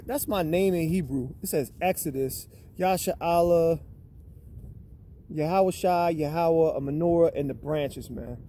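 A man's voice: sits high, dark tone. A man reading scripture aloud and calling people out in a casual, confrontational rant. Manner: accusatory, calls people out, tags lines with "man" and "bro". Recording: noisy background with passing vehicles.

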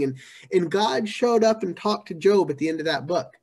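A man preaching a sermon in a conversational way, repeating phrases and moving between hushed and emphatic delivery. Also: high-pitched, lively intonation, normal speed. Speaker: pastor.

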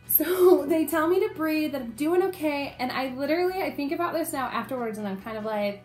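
A young woman vlogger telling a personal story in a casual, animated way, acting out the quotes as she goes. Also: on the high side, normal speed, faint music behind.

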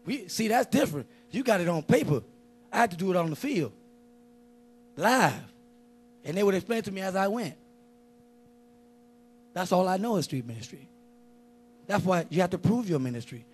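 Male preacher with a high pitch and a loose, animated style that keeps cracking jokes while he preaches. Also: moderate pace, long pauses, breathy edge. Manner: animated, joking, conversational street-style preaching. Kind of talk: lively sermon.

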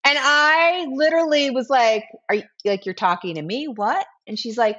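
Animated woman guest telling a story. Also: fairly high pitch, a little fast, muffled recording. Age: 40s. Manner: animated, acts out quoted dialogue. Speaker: guest, brand founder. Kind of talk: casual storytelling interview.

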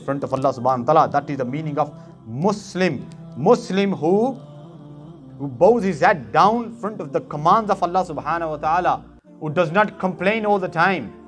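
A man preaching a sermon as an imam, impassioned and speaking straight to his listeners with rhetorical questions. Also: fairly high pitch.

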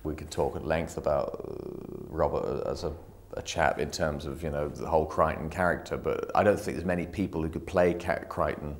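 A man with a deep voice reminisces in an interview. His talk is loose and rambling, filled with "you know.". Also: steady tone, moderate pace. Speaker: cast member being interviewed.

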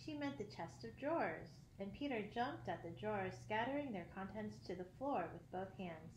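A woman reading a children's classic aloud, expressive, with occasional slips and throat clearing. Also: medium pitch, moderate pace, a little hiss or hum. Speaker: audiobook reader. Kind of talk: storybook narration. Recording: roomy echo.

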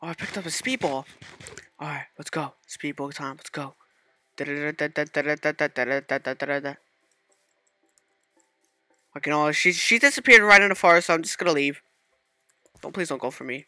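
A man talks through his gameplay in a bright, tense voice, recorded dry and up close. He mutters to himself and breaks into sudden startled outbursts. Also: on the high side, brisk, dry recording, soft background music. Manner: excitable self-talk with sudden startled outbursts. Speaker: gaming channel host. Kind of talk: casual gameplay commentary.

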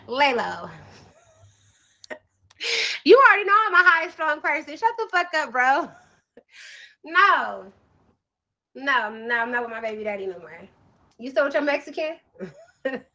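Young woman, livestream host: high, bright and sharp voice, brash and teasing, laughs a lot. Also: animated, moderate pace, long pauses, muffled recording. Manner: loud, brash and joking, laughs often. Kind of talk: casual livestream chat with viewers.

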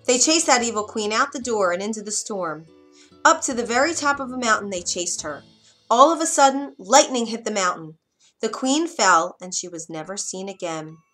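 Expressive woman storybook narrator. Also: fairly high pitch, faint music behind. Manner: expressive, dramatic pauses.

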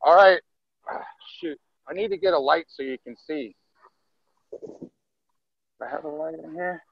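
In a casual family vlog filmed on a handheld phone, a dad teases his daughter with dramatic grumbling while heading out of the house into the snowy night. His fairly high voice is creaky and slightly rough, and he talks a little slowly. The highs are cut off in the audio.

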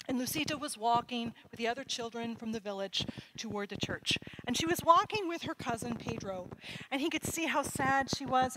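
Expressive woman telling children a story. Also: a little high, slight background noise, low-quality recording. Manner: expressive, animated, invites the children to join in. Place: church sanctuary.

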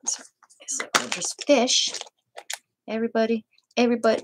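A chatty woman hosts a relaxed crafting stream, thinking aloud and bantering with her viewers. Her voice sits a bit high, and a faint hiss of noise runs under it. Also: moderate pace, pauses often, rough recording. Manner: chatty, talks to herself and to live chat, playful made-up sing-song bits. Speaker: crafting livestream host. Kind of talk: casual chat while stamping crafts.

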